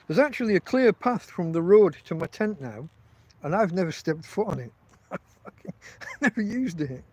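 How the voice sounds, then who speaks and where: English man, high voice, casual livestream monologue, rambling and swearing, talking from a tent. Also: big pitch swings, moderate pace, slight background noise, low-quality recording. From England. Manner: rambling, profane storytelling with frequent restarts. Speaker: podcast host.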